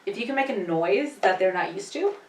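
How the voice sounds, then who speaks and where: A woman's voice: medium pitch, lively intonation, fairly quick, darkish tone, distant mic. A woman telling stories and giving tips in a casual chat. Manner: chatty, storytelling, light laughter. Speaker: guest. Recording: echoey room, voice from the mic.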